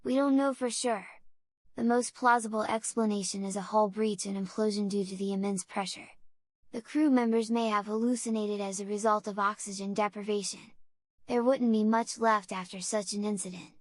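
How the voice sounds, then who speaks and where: A grave, weary former navy man, as a woman narrator puts him on, explains in a solemn tone at a mid pitch. The sound is dry and close. This horror audio story is delivered plainly. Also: steady tone, moderate pace, no room sound, natural voice.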